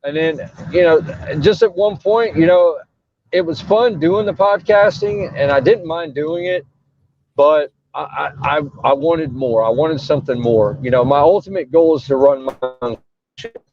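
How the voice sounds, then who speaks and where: A man's voice: a little high, moderate pace, dull audio, a little hiss or hum. A man, a wrestling referee, talking casually in an interview over a breaking-up mobile call, rambling with lots of fillers and restarts. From Texas. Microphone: phone while traveling.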